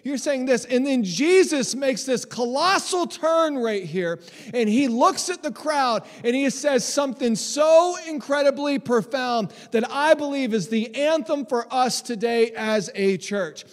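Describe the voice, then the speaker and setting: High-pitched guy in his 30s preaching, lively, acts out little voices, big reverb church hall. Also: measured pace. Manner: animated, acts out voices, repeats for emphasis. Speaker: pastor. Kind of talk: sermon. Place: church stage.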